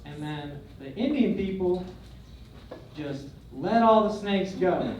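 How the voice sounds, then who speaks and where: A young male comedian telling crude, swaggering stories in a stand-up set, swinging between loud and quiet. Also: high voice, expressive, slow, a little hiss or hum. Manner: crude, swaggering storytelling with big swings in loudness. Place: comedy club stage. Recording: echoey club recording from far off. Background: audience laughter.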